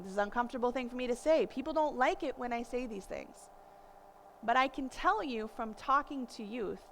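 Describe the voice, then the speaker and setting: Woman, 30s, higher-pitched, parenting teacher, animated storyteller, faint noise behind. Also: vocal fry, rough recording. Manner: animated storytelling, acts out quoted voices. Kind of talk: conversational lecture.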